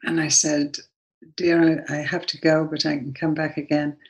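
A woman's voice: low-pitched, flat delivery, moderate pace, a little mellow, rough recording. A woman with an English accent, a guest sharing a personal story earnestly and then leading a prayer. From England.

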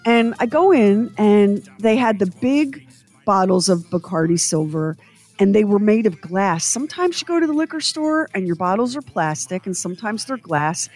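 A woman's voice: mid-range voice, normal speed, soft background music. A woman co-hosting a radio show, telling a story in casual chat and acting out quotes and sounds as she goes. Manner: animated storyteller, acts out quotes and sound effects.

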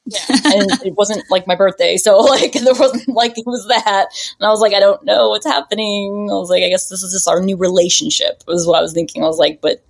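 A woman's voice: medium pitch, brisk, vocal fry, few pauses, slightly rough. A woman talking as a podcast guest in a rambling, chatty way, often laughing. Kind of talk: casual chat.

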